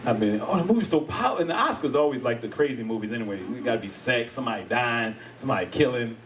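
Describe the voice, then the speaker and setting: A man's voice: mid-range voice, quick pace, distant mic, a little hiss or hum. A middle-aged man doing stand-up comedy with crowd work on stage, laughing often and acting out voices. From United States. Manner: animated, laughs often, acts out voices of others. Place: live comedy venue with audience.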